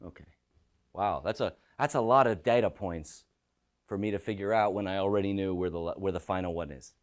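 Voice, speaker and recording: A man's voice: low voice, a little fast. A male teacher giving a classroom Bible lesson, thinking aloud and reacting to the class.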